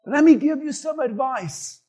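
A man preaching a sermon, impassioned and emphatic, moving between quiet asides and shouted lines and firing rhetorical questions at his congregation. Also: extremely high pitch, lively intonation, unhurried, soft background music.

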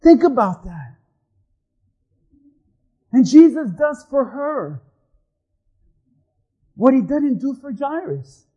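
A man pastor delivering a sermon, swinging between shouting and hushed tones. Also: very high voice, very animated, slow pace, pauses often, husky, dull audio.

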